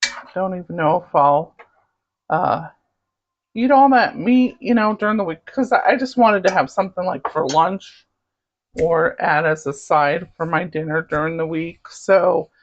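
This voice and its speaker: A woman's voice: fairly low pitch, measured pace. A woman with a light Southern accent, chatting casually as she cooks and tastes food in her home kitchen, humming over each bite. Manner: chatty, savoring food with hums. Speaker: cooking channel host. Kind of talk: casual cooking demonstration. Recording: dull lo-fi recording.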